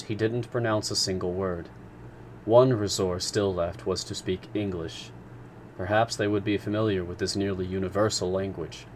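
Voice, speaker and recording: A man narrating a classic novel in a live reading, measured and expressive. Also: lowish voice, slight background noise. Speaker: storyteller.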